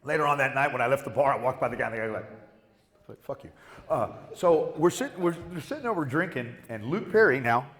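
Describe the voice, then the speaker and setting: Here a guest actor at a convention panel talks fast in a mid-range voice, spinning profane stories and performing the people in them with lots of animation. Echo from the convention hall fills the recording.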